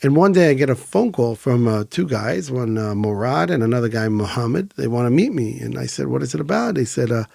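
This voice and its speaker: A man's voice: medium pitch, fairly quick, creaky, few pauses, dry recording, studio quality. A middle-aged man from Israel, an organization founder, telling stories in a casual interview and acting out the voices he quotes. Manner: animated storyteller, acts out quoted voices. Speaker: founder of an emergency volunteer organization.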